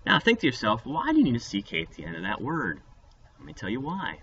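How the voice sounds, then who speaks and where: A man teaches a phonics lesson to young children, playful and upbeat, his voice lively and bright with a slightly low pitch. He sounds somewhat away from the mic, and the recording is dull and lo-fi with a faint hiss behind it. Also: quick pace, gravelly, far from the mic.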